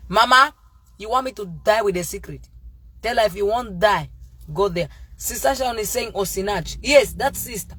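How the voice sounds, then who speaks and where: A woman hosting a live stream, talking to viewers in a fervent, preachy way with halting restarts. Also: medium pitch, husky, no echo. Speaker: livestream host.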